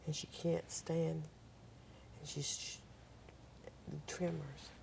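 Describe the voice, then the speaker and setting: A woman's voice: low-pitched, little pitch movement, slow, gravelly, a little mellow, a little hiss or hum. An older woman, a guest on a talk show, telling a personal story and acting out the voices of the people in it.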